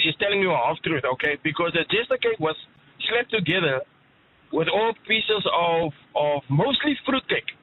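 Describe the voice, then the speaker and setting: A man's voice: sits high, a little hiss or hum. A man, calling in from his car and telling a story in a chatty, laughing way. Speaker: caller. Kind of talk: casual phone-in chat. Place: car while driving. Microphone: phone line. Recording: muffled phone line from a car.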